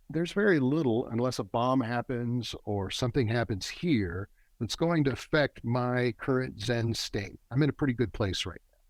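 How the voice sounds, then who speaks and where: A middle-aged man speaks in an even mid-range voice, recorded dry and close. He talks like a seasoned facilitator, earnest and instructive. His pace runs fast through ideas and then slows to stress them. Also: medium pitch, no echo. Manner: earnest, teaching tone that speeds up and slows down. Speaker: guest, men's work facilitator. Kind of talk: reflective interview talk. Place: a warm, quiet spot with a generator running nearby.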